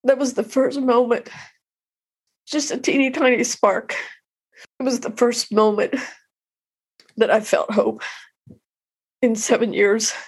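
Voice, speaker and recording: A middle-aged woman tells an emotional personal story as an interview guest, halting and heartfelt, often restarting her sentences. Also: a little high, steady tone, breathy edge.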